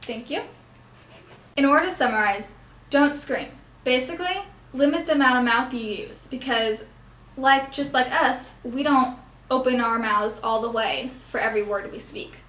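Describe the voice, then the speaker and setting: This is a young woman teaching puppetry by demonstration, using a high-pitched, slightly bright voice at a moderate pace. She breaks off now and then to correct herself, recorded in a room with noticeable echo.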